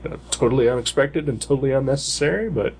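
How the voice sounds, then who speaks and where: Podcast co-host, male, gravelly, hesitant rambler, mid pitch. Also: quick pace, a little mellow, slight background noise. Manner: rambling, hesitant, many fillers. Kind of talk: casual chat.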